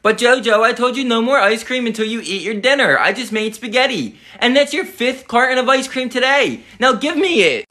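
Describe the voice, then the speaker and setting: A man's voice: extremely high pitch, lively intonation, a little fast, hardly any pauses, pushed and bright, heavily acted. A man voicing a tired, exasperated mother who scolds her spoiled daughter in a comedy sketch. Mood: firm.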